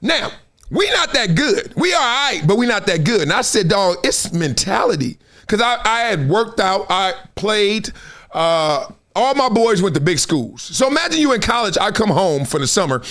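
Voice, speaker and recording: A middle-aged man from Compton, hosting a livestream and telling stories in slangy, animated talk. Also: sits high, moderate pace. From Compton, Los Angeles. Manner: storytelling, slangy, acts out others' voices. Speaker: host.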